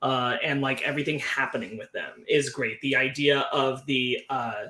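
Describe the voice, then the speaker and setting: A man's voice: mid-range voice, moderate pace, pushed and bright. A man discussing things on a casual podcast, thoughtful and analytical, working his points out as he talks. His voice sits in the middle range. The room around him sounds echoey. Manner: analytical, thoughtful, talks through ideas with restarts. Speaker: podcast co-host.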